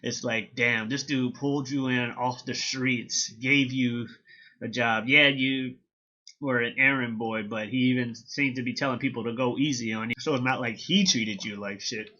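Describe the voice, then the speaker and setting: Dude doing a manga chapter recap, bright sharp voice, swears a lot, kinda dull lo-fi sound. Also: male voice, mid-range voice, moderate pace. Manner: excited, slangy, swears freely. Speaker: manga reviewer. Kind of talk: casual recap and commentary.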